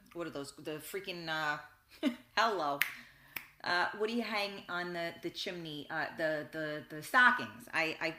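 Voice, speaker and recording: A woman's voice: fairly low pitch, bright, forceful tone. A woman hosting a talk show, telling a rambling story in a casual, chatty way with restarts and mild swearing. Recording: roomy echo.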